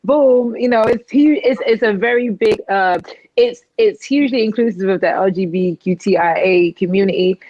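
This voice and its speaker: A woman's voice: medium pitch, moderate pace, dry recording, muffled recording. A woman in her forties with a London English accent slightly drifting American, telling stories animatedly in a casual interview. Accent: London English with some American drift. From England. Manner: animated storyteller who acts out quotes. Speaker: guest musician.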